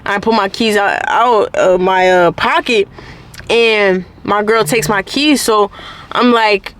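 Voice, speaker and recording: A woman's voice: medium pitch, takes it slowly, a bit bright. A woman hosting her own channel, telling a story-time tale in casual, profane slang packed with "like" fillers. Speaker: channel host.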